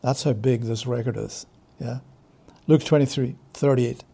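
A man's voice: mid-range voice, fairly even intonation, creaky, warm tone, slightly rough. A man preaching a Bible study, emphatic and drawing out key words, who asks rhetorical questions and answers them himself. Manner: stretches key words slowly for stress. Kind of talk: expository Bible teaching.

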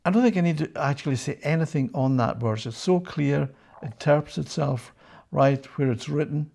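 A man delivers a sermon-style Bible teaching, his voice dark and gravelly. He presses his points hard, repeats key phrases and checks in with a quick "yeah?". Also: on the high side. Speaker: preacher.

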